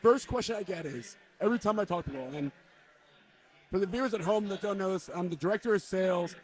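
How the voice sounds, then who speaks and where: A man's voice: sits high, fast talker. A man co-hosting a live podcast interview, talking in a hyped, emphatic way and repeating lines for punch. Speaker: podcast co-host, sales director. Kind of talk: casual interview talk. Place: live party event.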